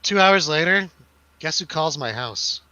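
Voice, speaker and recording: Young male co-host, animated storyteller, bright tone, dry close mic. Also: on the high side, measured pace, clear, resonant tone, no echo, dull audio. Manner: animated storyteller, swearing, acts out quotes. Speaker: podcast co-host. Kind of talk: casual chat.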